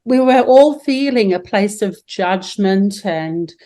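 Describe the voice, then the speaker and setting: Slow, gushing Australian woman host. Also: medium pitch, lively intonation, dark tone. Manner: gushing, soothing affirmations. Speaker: podcast host. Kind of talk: spiritual podcast interview.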